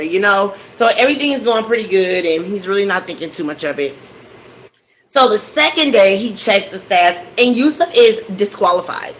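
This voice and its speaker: A woman's voice: medium pitch, low-quality recording. A woman hosting a cooking vlog, chatting as she recaps a story and acts out the quotes. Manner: chatty, with animated quoted voices.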